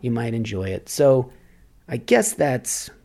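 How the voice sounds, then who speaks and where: Gravelly guy rambling thru big questions on his podcast, mid pitch. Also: big pitch swings, slow pace, darkish tone. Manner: musing, rambling, philosophical. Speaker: podcast host. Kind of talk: reflective solo monologue.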